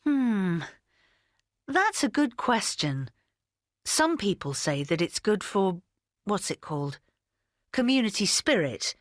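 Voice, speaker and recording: A woman's voice: medium pitch, very animated, takes it slowly, pauses often, dry recording, clean studio sound. An actress voicing a thoughtful woman answering a speaking-test question in a scripted course recording, hesitant and searching for words. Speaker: exam candidate in sample answer.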